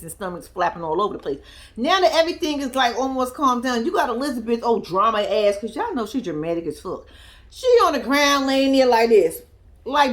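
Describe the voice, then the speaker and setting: A young woman giving casual, profane, laughing commentary as she recaps a reality TV episode. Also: high voice. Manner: animated, profane, laughing storyteller. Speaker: reality TV reaction vlogger.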